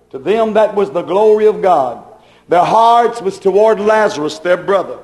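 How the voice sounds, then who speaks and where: Male preacher, high voice, fervent sermon delivery, echoey room. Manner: fervent preaching, rising and falling loudness. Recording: echoey hall.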